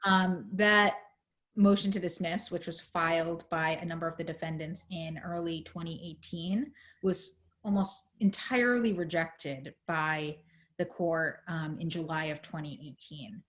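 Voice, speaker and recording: A woman on a video call explaining a legal case in a panel talk, measured, with many fillers, her voice going hoarse. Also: deep voice, steady tone, fairly bright tone. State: losing her voice. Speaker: legal advocate in a panel discussion.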